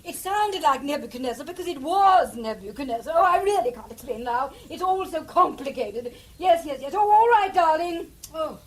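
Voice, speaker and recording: A woman's voice: high-pitched, lively intonation, fairly quick, hardly any pauses. An actress playing a flustered aristocratic English lady in a 1950s radio play, fluttery and exclamatory.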